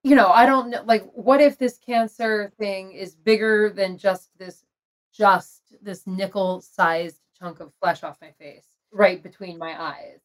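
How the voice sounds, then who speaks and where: A woman in a podcast conversation, telling a personal story in an open, confessional way. Her voice sits at a medium pitch, and she laughs now and then as she talks. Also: fairly even intonation, unhurried. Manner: emotional, confessional, laughs between lines.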